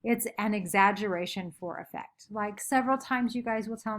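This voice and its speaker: A woman's voice: mid-range voice, moderate pace, hardly any pauses. A woman teacher giving a recorded lesson from home, chatty and upbeat, making playful sound effects.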